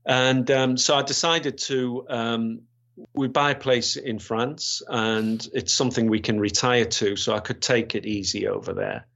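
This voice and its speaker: A man's voice: medium pitch, steady tone, a little slow, gravelly, fairly bright tone. A man, a retired police officer recounting his career in a rambling way, with many restarts and fillers. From Gateshead, England. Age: 60s. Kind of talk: storytelling interview. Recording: slightly dull, lo-fi sound.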